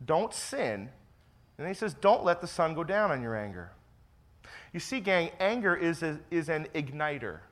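Emphatic preaching pastor with bright voice. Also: male voice, fairly high pitch. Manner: emphatic preaching, repeats key phrases, drops to quiet asides. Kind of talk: sermon.

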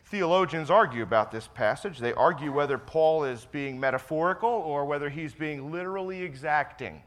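A man preaching a sermon as pastor, stressing key phrases by repeating them and dropping into quiet confessional asides. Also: a little high, normal speed.

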